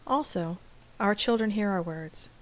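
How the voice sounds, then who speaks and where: A woman special education teacher explaining things in a calm, measured, scripted dialogue. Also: mid-range voice, rough recording.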